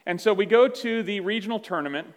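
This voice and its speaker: A man with a slightly high voice preaches in a conversational, self-deprecating storytelling manner. His words ring out with a long reverb through a large church hall. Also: animated, quick pace. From Virginia, USA. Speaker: pastor. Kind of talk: sermon. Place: church sanctuary.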